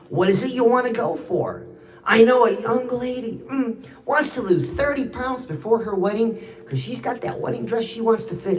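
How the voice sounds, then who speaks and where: A woman's voice: fairly high pitch, echoey room, rough recording. Brash teasing woman giving a pep talk. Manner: speaks straight to viewers, calls them out. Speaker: live-stream host. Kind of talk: motivational live-stream monologue.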